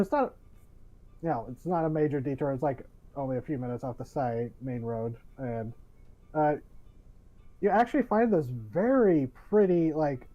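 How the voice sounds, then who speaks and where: A man's voice: mid-range voice, dark tone. A man narrating as game master of a tabletop game, rambling with many fillers and restarts. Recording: dull lo-fi audio.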